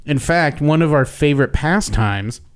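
A man talking in a loose, animated podcast chat, with a pitch that rises and falls a lot. He laughs easily and swears without care. He often breaks into sound effects and goofy voices. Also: normal speed, clear, resonant tone. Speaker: podcast co-host. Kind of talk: casual chat.

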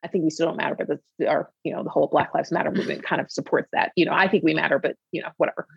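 Brief: woman doctor guest, lowish gravelly voice, chatty storyteller, dull dry studio sound. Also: racing, dry recording. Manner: animated storyteller, frequent "you know" asides. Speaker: obesity medicine physician guest. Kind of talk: conversational explanation on a talk show.

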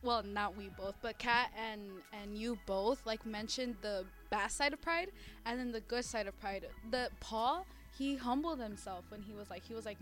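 A woman's voice: on the high side, moderate pace, a bit bright, faint music behind. A woman in a casual faith discussion, talking animatedly with frequent restarts and acted-out quotes.

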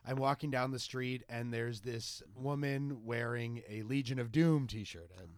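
A man's voice: mid-range voice, unhurried. A man telling a wry anecdote in casual podcast chat. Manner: wry storyteller, bursts into loud mimicry.

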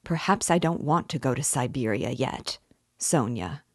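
A woman's voice: sits low, steady tone, takes it slowly, darkish tone, no room sound, studio quality. A woman reading aloud and voicing a weary, brooding young man who mutters bitterly.

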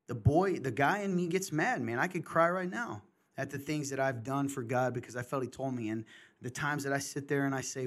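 A man's voice: a little high, animated, fairly quick, a bit bright. Passionate, candid middle-aged man. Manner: passionate, candid, talks in bursts. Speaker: podcast host. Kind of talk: casual chat.

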